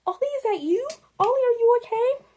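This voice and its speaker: A woman's voice: very high-pitched, animated, brisk, warm tone, voice pushed up. A woman voicing a frightened living doll girl who calls out with worry. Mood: worried.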